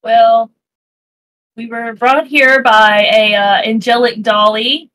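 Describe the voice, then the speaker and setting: Brief: woman player, slightly high voice, flat blunt delivery. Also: slow pace, low-quality recording. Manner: blunt and deadpan. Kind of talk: in-character tabletop play.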